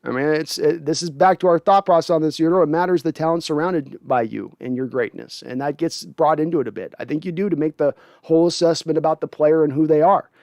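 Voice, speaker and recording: A man's voice: a little high, quick pace, hardly any pauses, a little mellow, no room sound, studio quality. Conversational man reading chat aloud. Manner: conversational, reads viewer comments aloud and answers them. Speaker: sports podcast host. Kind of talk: casual livestream commentary reading chat.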